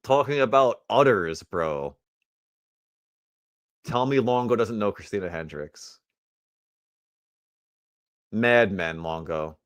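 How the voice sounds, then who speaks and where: A man hosting a casual livestream chat, talking slowly in a low voice. His intonation swoops up and down, with a laid-back, teasing and crude manner. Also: lively intonation, dry recording. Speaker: host.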